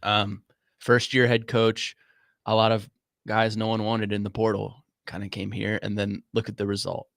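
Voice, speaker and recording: A young man with a low voice talks sports on studio radio, halting and choked up, often restarting his sentences. The sound is dry and close, with no room around it. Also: flat delivery, vocal fry, a bit bright, no echo. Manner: halting, emotional, stumbling over words. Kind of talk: casual sports talk.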